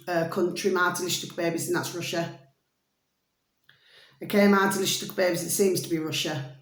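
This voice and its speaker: Woman, vlogger, low-ish voice, sing-song and rambling, roomy echo. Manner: sing-song, affectionate, repeats pet phrases, meandering. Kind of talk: rambling casual address to camera.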